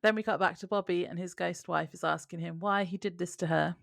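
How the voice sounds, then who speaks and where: Woman co-host, gravelly lowish voice, casual recap read from notes. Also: steady tone, a little fast, dry recording, studio quality. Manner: reads plot notes aloud in a conversational way. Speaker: podcast co-host.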